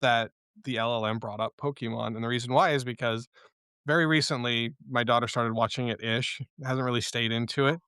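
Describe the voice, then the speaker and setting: A man's voice: medium pitch, fairly even intonation, fairly quick, fairly bright tone, clear, resonant tone, no room sound. Playful, laughing man in casual talk. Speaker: panel speaker. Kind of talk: casual discussion.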